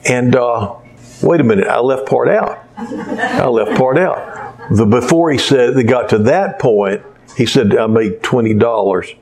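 A man's voice: mid-range voice, moderate pace, a little mellow. A man preaching a sermon, telling stories and sometimes losing his place and starting over. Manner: rambling storyteller who loses his place and restarts. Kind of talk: sermon with storytelling.

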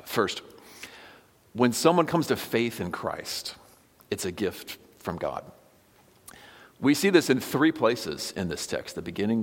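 A man's voice: fairly low pitch, in a large hall. A man giving a conversational sermon as pastor, often checking in with the congregation. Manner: conversational, asks listeners for agreement. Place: church sanctuary.

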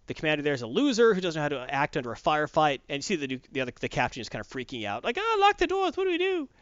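Brief: lively storytelling male co-host, voice leaps around, dull, dry sound. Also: mid-range voice, smooth, no room sound. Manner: animated retelling, acts out characters. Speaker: podcast co-host. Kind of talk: casual chat.

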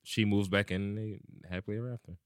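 Low, smooth-voiced man recapping movies wryly. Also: quick pace, no echo, studio quality. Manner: wry, deadpan movie recaps. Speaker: podcast co-host. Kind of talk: casual banter.

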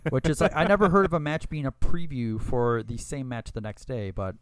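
A man's voice: medium pitch, fairly quick, clean tone, no echo. A man co-hosting a podcast, chatting casually and wryly while recapping a match. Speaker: podcast co-host. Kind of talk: casual wrestling recap chat.

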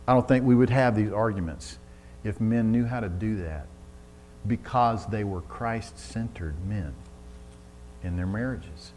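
A man's voice: lowish voice, measured pace, slight background noise. Man preaching an impassioned sermon. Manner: storytelling with acted-out quotes, rising to loud emphatic preaching.

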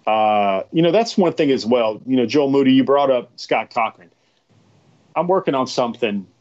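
A man's voice: mid-range voice, animated, normal speed, darkish tone, muffled recording. A man hosting a live stream, talking casually to his viewers in a rambling, chatty way that often repeats itself.

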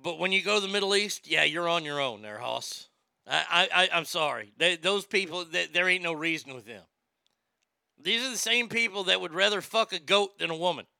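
A man's voice: high voice, animated, fairly quick, vocal fry, sharp tone, no room sound, studio quality. A man hosting a comedic talk show, laughing often and stammering as he jokes crudely. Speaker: radio show host.

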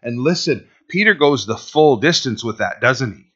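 A male pastor preaching a sermon, swinging between loud and hushed delivery and acting out quotes. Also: medium pitch, lively intonation, moderate pace, husky, lo-fi sound.

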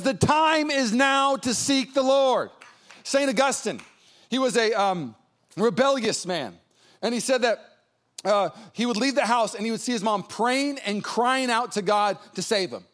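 A male pastor giving an energetic sermon, joking in asides and building to fervent calls to prayer. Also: high-pitched. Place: church service.

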